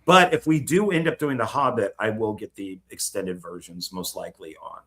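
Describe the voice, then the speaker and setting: A man co-hosting a casual film discussion, talking in an animated way, swearing freely and laughing often. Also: fairly low pitch, normal speed. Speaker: film podcast co-host.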